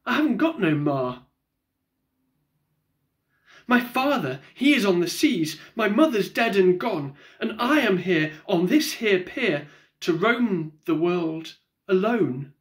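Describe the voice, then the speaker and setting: Forlorn little street boy voiced by a man, slow, pleading, sing-song pitch. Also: sing-song, full character voice. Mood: plaintive.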